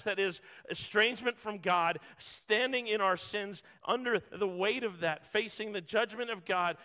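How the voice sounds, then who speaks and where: A man's voice: high voice, pushed and bright. A man preaching a sermon, earnest and building through repetition, acting out short quotes. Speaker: pastor.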